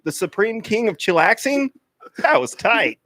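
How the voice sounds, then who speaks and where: Man doing a whiny, overeager teen boy, pitch bouncing all over, dry close sound; comedy radio skit. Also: sing-song, unhurried, a bit bright, no echo, heavily acted. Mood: soothing. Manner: whiny, overeager, sing-song. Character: clingy teenage boy Steve, needy and creepy.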